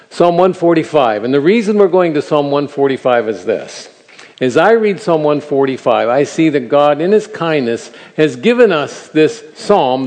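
An older man teaching the Bible to a live audience, earnest and animated, asking his listeners questions. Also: fairly high pitch. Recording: reverberant hall.

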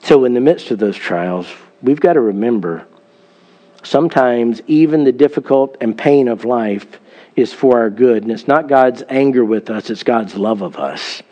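A man's voice: mid-range voice, expressive, normal speed, warm tone. A middle-aged man, a pastor, preaching a sermon in an earnest storytelling manner, with emphatic scripture reading.

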